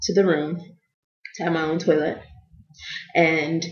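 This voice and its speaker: A young woman from the United States tells a funny personal story with lively energy, jumping into little voices for the people in it. Her voice sits a bit low, and the sound is dull and lo-fi in a roomy, echoey space. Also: measured pace. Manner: animated, acts out other people's lines in voices. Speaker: vlogger.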